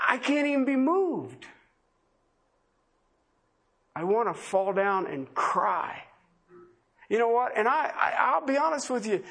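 A man's voice: very high-pitched, a bit bright, husky. A pastor preaching an impassioned sermon, driving his points home with repeated, emphatic questions to his congregation. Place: church service before a congregation.

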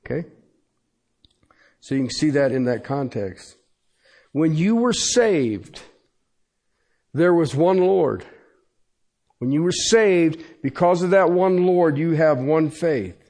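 A man with a fairly high, somewhat mellow voice delivers a sermon as pastor in a church. His emphatic, repetitive style features sudden changes of pace and frequent "Okay?" check-ins with the listeners.

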